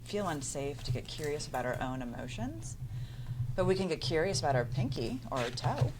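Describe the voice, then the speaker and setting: Deep-voiced woman psychologist, animated. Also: a little fast, background noise. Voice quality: deep alto voice. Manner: animated, acts out playful inner dialogue. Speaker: clinical psychologist guest. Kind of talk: conversational interview.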